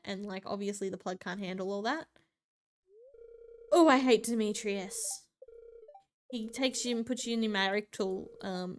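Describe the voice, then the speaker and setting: A woman's voice: medium pitch, a little hiss or hum. A woman streamer telling a story in a chatty, exasperated way while gaming, with many filler ums.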